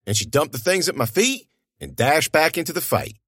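A male narrator tells the story in a folksy, conversational way, like he's talking with a friend. His voice rises and falls with lively inflection. The recording is close and dry, with no room sound. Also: on the high side, normal speed, husky, dry recording. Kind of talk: audiobook narration.

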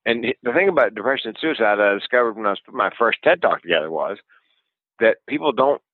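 Man, comedian and speaker, low voice, animated storyteller, tinny phone-like sound. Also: quick pace, no echo. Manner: animated storyteller who acts out dialogue. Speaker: guest, comedian and public speaker. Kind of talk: storytelling interview. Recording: tinny phone-like line, dry.

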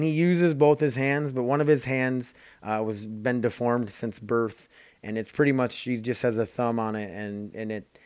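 A man's voice: mid-range voice, clear, resonant tone, no room sound, studio quality. A man hosting his own podcast, rambling in an offhand, casual way and swearing freely. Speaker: podcast host. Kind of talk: casual solo podcast chat.

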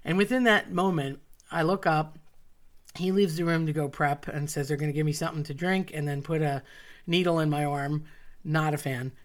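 A woman's voice: sits low, steady tone, moderate pace. Wry woman telling a true story. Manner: wry, self-mocking, comic asides. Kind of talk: personal story told to an audience.

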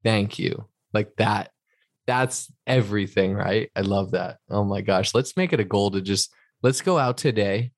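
A man's voice: lowish voice, measured pace, dry recording, clean studio sound. A man co-hosting a podcast, talking casually and earnestly in a reflective, motivational way. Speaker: podcast co-host. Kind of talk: casual chat.

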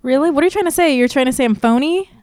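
A woman's voice: sits high, expressive, rapid-fire, darkish tone, no echo. A woman in her thirties co-hosting a podcast, chatting casually and playfully teasing her co-host. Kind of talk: casual chat. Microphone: studio-style mic in an apartment.

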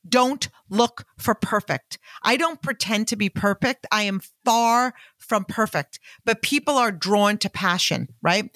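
A middle-aged woman hosting a podcast, telling a personal story with lively acted-out dialogue and frequent filler phrases. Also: medium pitch, no room sound. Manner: animated, acts out quoted dialogue; fillers like "long story short" and "like". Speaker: podcast host. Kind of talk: storytelling monologue.

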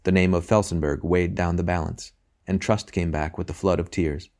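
A man narrating a novel as an audiobook in a measured, even reading. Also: deep voice. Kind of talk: scripted narration.

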